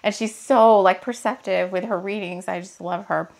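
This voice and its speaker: A woman giving a rambling, casual spiritual card reading, her throat a bit hoarse and scratchy, laughing often. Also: mid-range voice, fairly even intonation, normal speed, a little mellow. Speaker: tarot card reader.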